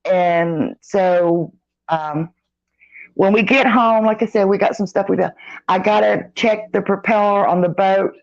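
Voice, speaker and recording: A middle-aged woman hosts a relaxed live stream, talking slowly with a gravelly, fry-tinged voice. She greets viewers by name in a folksy, rambling way, and the sound is dull and lo-fi, as if from a phone. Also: medium pitch. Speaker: vlogger reading live chat. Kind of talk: casual live-stream chat.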